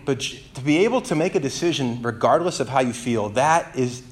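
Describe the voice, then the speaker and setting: A man preaching a sermon as pastor, animated and conversational, with playful asides and calls for the congregation to respond. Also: mid-range voice, brisk.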